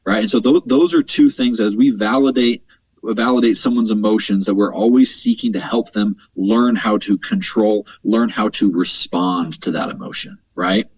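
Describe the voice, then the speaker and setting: Brief: male coach guest, low husky voice, earnest explainer who keeps checking in with "right?", dull dry recording. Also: steady tone, normal speed, dry recording. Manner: earnest, explains at length, tags points with "right?"; repeats words while thinking. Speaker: mental performance coach, guest. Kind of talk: conversational podcast interview.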